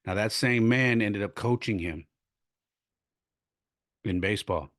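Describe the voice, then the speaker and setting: A middle-aged man hosting a podcast, earnestly retelling a story with lively restarts and self-corrections. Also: lowish voice, unhurried, dry recording, studio quality. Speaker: podcast host. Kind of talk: casual storytelling monologue.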